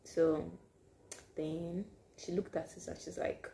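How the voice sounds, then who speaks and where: A woman telling a personal story to camera in a casual vlog, animated and sometimes dropping to hushed asides. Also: fairly low pitch, normal speed, gravelly, slight background noise. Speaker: vlogger.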